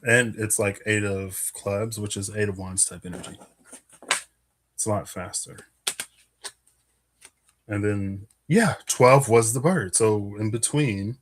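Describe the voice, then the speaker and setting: A man's voice: fairly low pitch, normal speed, slight background noise. A man giving a casual live card reading, musing aloud with many fillers and little laughs, a bit out of breath. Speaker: tarot and Lenormand card reader.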